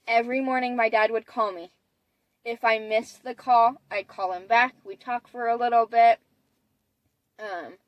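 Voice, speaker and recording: A woman's voice: medium pitch, no room sound, low-quality recording. A woman of about twenty telling a personal story in a chatty way, with many fillers and restarts. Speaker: vlogger. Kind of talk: casual storytelling.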